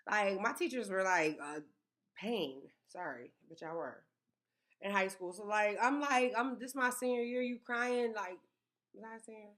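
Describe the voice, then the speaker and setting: A woman, telling stories in a casual chat, animated and emphatic, often repeating words for effect. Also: mid-range voice, normal speed. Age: 30s.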